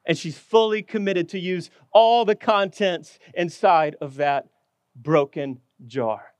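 A man preaching a sermon with passion, often dropping low and slowing down to stress his words. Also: no room sound. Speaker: pastor.

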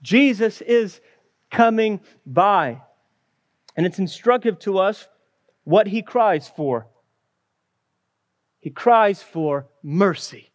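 A man's voice: sits high, lively intonation, slow pace, long pauses, dry recording. A man preaching a sermon in an earnest storytelling manner. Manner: earnest, storytelling with acted quotes. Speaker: pastor.

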